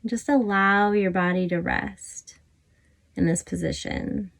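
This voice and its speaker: A woman instructor gently guiding a stretching class, talking close to the camera from a small closet. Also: mid-range voice, slow pace, creaky. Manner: calm, encouraging cues with fillers. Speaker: fitness instructor.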